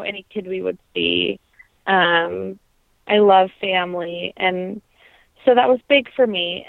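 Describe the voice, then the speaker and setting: A young woman, a trained singer, reflecting earnestly in an interview, pausing often with ums and restarts. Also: mid-range voice, vocal fry, dry recording. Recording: dry, tinny phone-like line.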